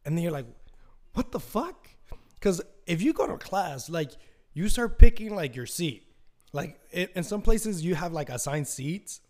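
A man's voice: fairly high pitch, expressive, normal speed, a little mellow. A young man hosting a casual solo podcast, telling a rambling, profane story and acting out quotes in raised voices. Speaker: podcast host.

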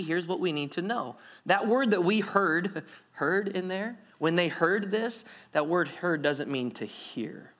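A man preaching a sermon, retelling a parable with lively acted-out crowd voices and rhetorical questions. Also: high-pitched, normal speed. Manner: animated storytelling, acts out crowd voices. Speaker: pastor.

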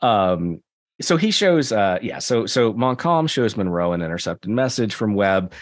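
A man's voice: lowish voice, very animated, measured pace. A man co-hosting a podcast, recapping a film in casual chat, rambling, swearing and laughing often. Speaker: podcast co-host.

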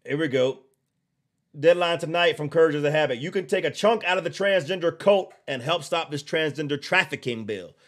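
A man hosting a political podcast, giving heated, blunt opinion commentary with slow, emphatic repetition and drawled asides. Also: fairly high pitch, a bit bright.

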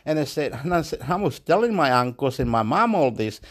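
A man's voice: medium pitch, big pitch swings, a little fast. A man talking in a rambling, repetitive and emotional monologue to camera.

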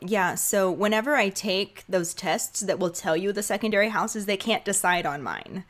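A woman's voice: medium pitch, moderate pace, fairly bright tone. A young woman guest on a podcast, chatting with fan enthusiasm. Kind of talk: casual chat.

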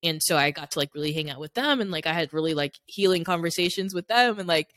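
A young adult woman co-hosts a podcast, talking fast in a deep, slightly bright voice. She rambles candidly through personal stories in casual chat, using "like" constantly. The recording is dry and studio quality.

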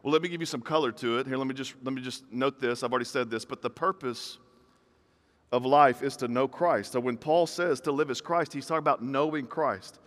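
A man's voice: medium pitch, a little fast, fairly bright tone. A man in his thirties preaching a sermon in a conversational style, with punchy repeated phrases. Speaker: pastor. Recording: reverberant hall.

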